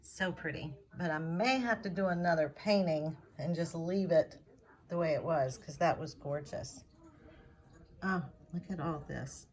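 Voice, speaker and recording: A woman, gushing in casual craft vlog talk about a painting. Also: sits low. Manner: gushing, chatty, slow-spoken. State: out of breath. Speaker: fluid art painter.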